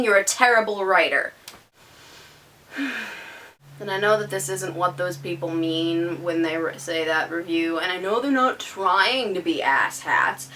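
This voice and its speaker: A woman's voice: mid-range voice, bright, forceful tone, recorded from a distance. A teenage girl ranting to camera in an indignant, sarcastic, emphatic way. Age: teens. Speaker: vlogger.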